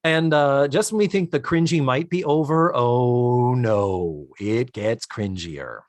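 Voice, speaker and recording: Animated man recapping a sitcom. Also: medium pitch, takes it slowly, no room sound. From United States. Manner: animated, acts out characters' lines in funny voices; swears and laughs often. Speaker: podcast co-host. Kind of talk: casual podcast recap.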